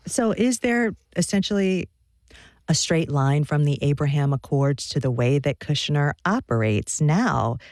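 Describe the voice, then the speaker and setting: A woman hosting a radio interview, asking measured questions and giving brief context. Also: deep voice, lively intonation, a little mellow, no echo, studio quality.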